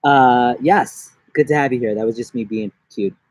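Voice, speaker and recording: A young man from New York rambles through a casual backyard live stream, cracking jokes and popping into goofy falsetto bits. His voice sits at an ordinary middle pitch. The sound is close and dry, with almost no room in it. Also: normal speed, no echo. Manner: jokey, rambling, slips into silly high-pitched voices. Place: outdoors in a backyard.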